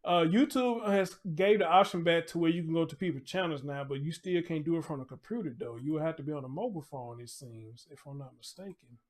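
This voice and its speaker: A man, his voice pitched a bit high, talks casually on a livestream. He is blunt and laid-back, full of slang, and stops often to greet viewers by name. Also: fast, few pauses. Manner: blunt, laid-back, slangy, reads chat names aloud. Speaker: YouTube livestream host.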